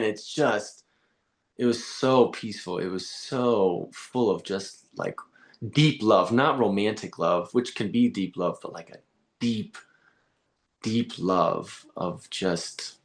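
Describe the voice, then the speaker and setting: Casting: male guest, lowish voice, casual animated storyteller who acts out quotes. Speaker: podcast guest. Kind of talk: storytelling in conversation.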